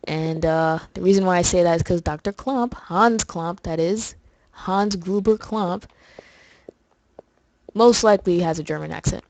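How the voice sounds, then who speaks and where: A woman's voice: on the low side, a little slow, darkish tone. A young woman doing casual, rambling commentary over gameplay, often restarting her sentences. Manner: chatty, rambling, full of fillers. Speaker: let's play host.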